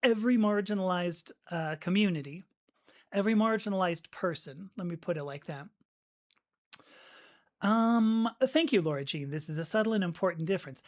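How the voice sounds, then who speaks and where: A woman's voice: lowish voice, animated, moderate pace, a little mellow. A woman hosting a live stream, chatting casually and reflectively as she reads and answers viewer comments, with restarts and small laughs. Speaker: livestream host reading viewer comments.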